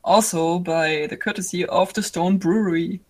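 A man from Bavaria with a German accent, chatting casually and laughing often in a calm, mellow way. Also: high voice, normal speed. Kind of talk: casual chat.

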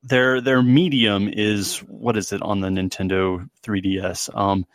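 Low-voiced man chatting casually. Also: flat delivery, measured pace, dry recording, clean studio sound. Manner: rambling, filler-heavy. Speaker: podcast co-host. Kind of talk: casual chat.

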